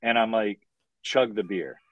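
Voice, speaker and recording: Profane, animated male storyteller. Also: on the low side, unhurried, dry recording, lo-fi sound. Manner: profane, animated, acts out quoted dialogue. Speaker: podcast guest. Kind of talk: casual chat, storytelling.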